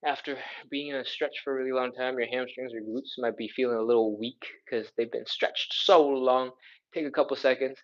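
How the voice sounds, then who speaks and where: A man leads a live stretching session, calling out counts and breathing cues at a quick, upbeat clip. His pitch sits in an ordinary middle range, and he slips in little jokes as he coaches. The stream audio is dull and lo-fi. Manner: energetic cueing and counting aloud; jokey, talks fast. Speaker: stretching instructor. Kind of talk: live follow-along workout coaching.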